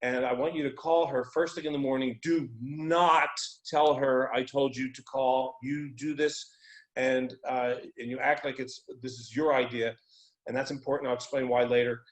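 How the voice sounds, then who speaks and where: A man's voice: mid-range voice, fairly even intonation, normal speed, lightly acted. A man voicing an amped-up, intense male life coach who gives urgent commands. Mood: commanding.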